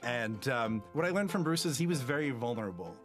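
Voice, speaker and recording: A man in his thirties from New Jersey, telling a personal story with comic timing and big jumps in pitch. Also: expressive, brisk, faint music behind.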